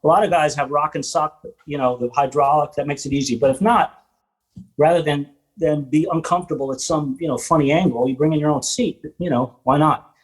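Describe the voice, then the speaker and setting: A man hosting a podcast, telling rambling stories from his work as a theater drummer and quoting other people with animated voices. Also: on the high side, a little fast, rough recording. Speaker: podcast host and Broadway drummer. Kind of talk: casual interview chat.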